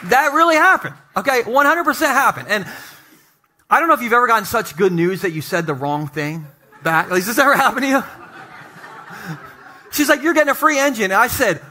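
A male pastor preaching to his congregation, telling humorous personal stories with animated asides. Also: very high voice, brisk, pauses often, slight background noise. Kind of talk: sermon. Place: church sanctuary.

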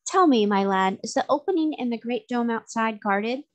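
A woman voicing a calm, dignified mermaid queen who speaks in a regal way. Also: fairly high pitch, moderate pace, natural voice.

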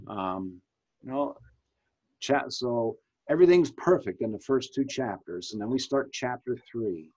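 A man's voice: medium pitch, expressive, a little slow, darkish tone, breathy edge. A man in his fifties, a pastor leading a Bible study discussion over a video call, talking conversationally, asking questions and often restarting his sentences. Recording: dull lo-fi video call audio.

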